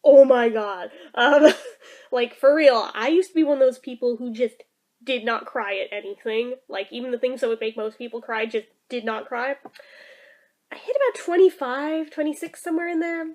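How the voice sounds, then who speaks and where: A woman's voice: a little high, normal speed, a little mellow. A woman vlogger in casual, chatty talk, emotional and sprinkled with "like" and "um". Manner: chatty and emotional, many fillers like "like" and "um". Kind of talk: casual vlog chat.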